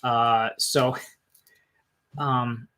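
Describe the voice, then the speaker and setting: A man's voice: medium pitch, little pitch movement, very slow, a bit bright, a little hiss or hum. A man hosting a live-stream film discussion, thinking aloud and often restarting his sentences. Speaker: host.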